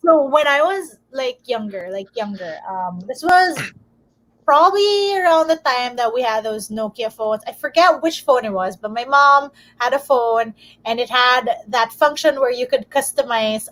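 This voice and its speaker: High-voiced animated woman from the Philippines. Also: unhurried, rough recording. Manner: animated, laughs through her stories. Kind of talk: casual chat, storytelling.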